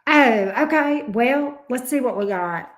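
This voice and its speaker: Here's a tarot reader on a livestream whose voice sits on the high side, animated yet measured in pace, with a Southern drawl. She chats casually, tossing out endearments such as babes and love bug, in an echoey room.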